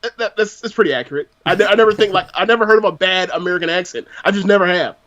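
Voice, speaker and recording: Man from Florida, podcast guest, casual chat, talkative, high pitch. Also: rapid-fire, a bit bright, highs cut off. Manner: talkative, full of fillers. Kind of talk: casual wrestling review chat.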